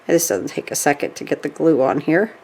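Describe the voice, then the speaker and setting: A woman's voice: low voice, expressive, brisk, a little mellow. Chatty woman demonstrating a craft. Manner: chatty, frequent "okay?" check-ins. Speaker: craft tutorial host.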